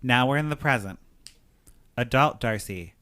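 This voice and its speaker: A man's voice: mid-range voice, lively intonation, normal speed, sharp tone. A man hosting a podcast, casually retelling a movie's plot with lots of "she's like" quoting. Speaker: podcast host. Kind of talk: casual chat, recapping a movie.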